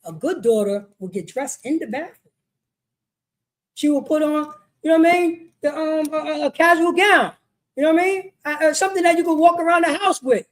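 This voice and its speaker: A woman's voice: high-pitched, a little fast. A woman teaching a religious law class in an emphatic, repetitive street-style sermon, often asking "you know what I mean". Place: meeting hall.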